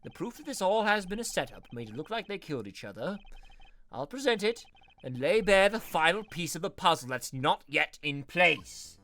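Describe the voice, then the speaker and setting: A man doing a calm, logical prosecutor. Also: sits high, heavily acted. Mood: reasoning. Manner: measured, deliberate reasoning. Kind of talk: fan voice-over of a game.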